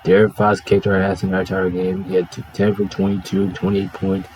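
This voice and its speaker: A man's voice: sits low, monotone, fairly quick, darkish tone, a little hiss or hum, rough recording. A man hosting his own video, talking through sports results in a casual, offhand, chatty way.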